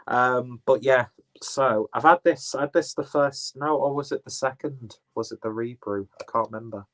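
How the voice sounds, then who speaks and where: A man's voice: mid-range voice, moderate pace, a bit bright. A man chatting casually through an unboxing, rambling, swearing and correcting himself as he goes. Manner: rambling, profane, self-correcting. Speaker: beer reviewer.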